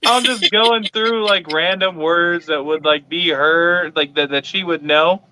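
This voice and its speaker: A man's voice: fairly high pitch, a little slow, slight background noise, low-quality recording. A man in his thirties on a podcast, telling a family anecdote in casual chat and acting out the voices in it. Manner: animated, acts out voices in anecdotes.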